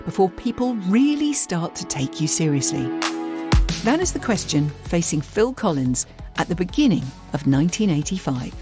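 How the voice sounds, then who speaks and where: Lively English woman narrating a documentary. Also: lowish voice, normal speed. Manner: lively storytelling delivery. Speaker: documentary presenter. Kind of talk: scripted narration. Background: faint music.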